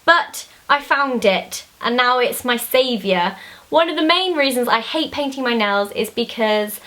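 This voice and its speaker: A woman's voice: a little high, animated, a little slow, sharp tone. A young woman, chatting casually and rambling a little as she talks through her favourite things. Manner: chatty, bubbly, rambling with many fillers. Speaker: beauty vlogger. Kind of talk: casual chat.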